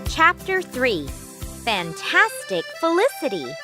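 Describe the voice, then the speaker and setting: A woman reading a children's storybook aloud in a clear, measured, expressive way. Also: high voice, over loud music.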